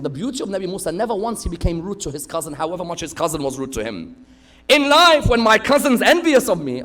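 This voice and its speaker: A man preaching a sermon, telling stories with acted-out quotes and sudden loud bursts. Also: high voice. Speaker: preacher giving a Muharram lecture.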